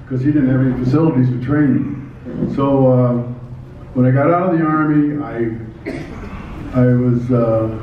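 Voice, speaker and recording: An older man from Nebraska giving a hall of fame acceptance speech, halting and self-deprecating, with many restarts. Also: medium pitch, distant mic, narrow, tinny audio, a little hiss or hum. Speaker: award recipient giving a speech.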